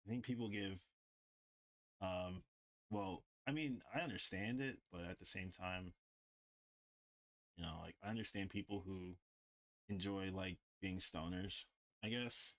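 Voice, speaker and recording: A man's voice: sits low, unhurried, pauses often, a bit bright. A man livestreaming while he draws, chatting casually and rambling with lots of "like". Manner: rambling, heavy use of "like". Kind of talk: casual chat while drawing.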